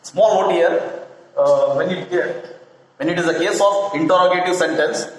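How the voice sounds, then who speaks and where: A man's voice: sits high, moderate pace. A man teaching a grammar lesson, repeating each definition and checking in with the class again and again. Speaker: English teacher. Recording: echoey room with long reverb.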